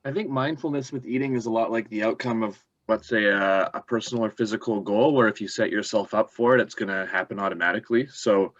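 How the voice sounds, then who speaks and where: Low-voiced man, reflective, dull call audio. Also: fairly even intonation, a bit bright, no room sound. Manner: measured, reflective. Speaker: participant, parent. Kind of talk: casual chat on a video call. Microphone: video call mic.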